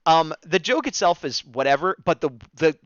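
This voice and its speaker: A man's voice: fairly high pitch, big pitch swings, moderate pace, no room sound, dull audio. A man co-hosting a casual live-stream discussion, chatting, reading viewer comments aloud and laughing often. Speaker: co-host of a fan discussion stream.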